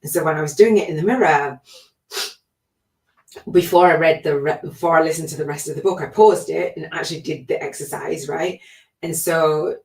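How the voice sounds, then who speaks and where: A woman's voice: low-pitched, moderate pace, a little mellow, recorded from a distance. A middle-aged woman hosting a spiritual coaching podcast, talking in a chatty, reflective way with lots of fillers. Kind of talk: casual spoken monologue. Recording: echoey room, voice away from the mic.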